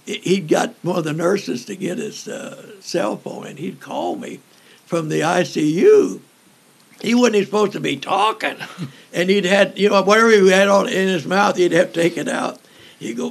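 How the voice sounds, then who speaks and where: An older man, an evangelist, telling folksy stories in an interview, joking and pausing often with fillers. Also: high voice, animated, gravelly. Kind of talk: storytelling in an interview.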